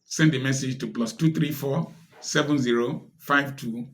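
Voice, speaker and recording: In a steady, mid-range voice at normal speed, a man with a Nigerian English accent speaks to the camera about society. His commentary is impassioned and preachy, built around a volley of rhetorical questions.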